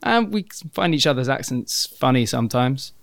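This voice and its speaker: A British man who teaches English, co-hosting a podcast and explaining things in a measured, unhurried way. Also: mid-range voice, big pitch swings, vocal fry, no echo, clean studio sound. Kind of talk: casual podcast chat. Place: teaching in Japan.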